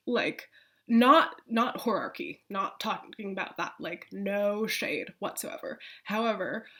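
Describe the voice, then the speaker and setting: A woman chats to her camera in a room of her apartment. Her voice sits at an ordinary middle pitch. She talks loosely, laughs often and swears without a second thought. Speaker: vlogger. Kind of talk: casual chat to camera.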